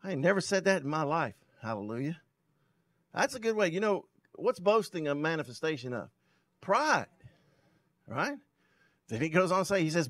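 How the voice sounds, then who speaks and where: High-voiced man preaching emphatically. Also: sing-song, normal speed, long pauses, no room sound. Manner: emphatic preaching, reading scripture aloud and explaining it; loudness rising and falling sharply for emphasis. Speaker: pastor. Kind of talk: sermon.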